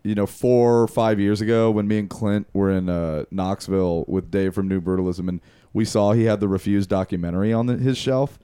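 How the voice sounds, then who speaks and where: A man's voice: lowish voice, steady tone, fairly quick, warm tone, clean tone, no room sound, clean studio sound. A man hosting a casual chat, rambling with lots of fillers and laughs. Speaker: podcast host.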